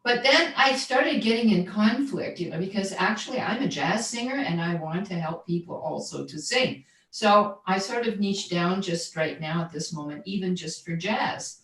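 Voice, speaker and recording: A woman coaching on the voice in an easygoing interview, explaining technique and checking in with a steady "right?" as she goes. Her voice sits back from the microphone in a roomy, echoing space. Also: medium pitch, moderate pace, few pauses. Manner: explanatory, often adds "right?", repeats words when searching. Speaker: guest voice coach and jazz singer. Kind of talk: conversational livestream interview. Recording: roomy echo, distant from mic.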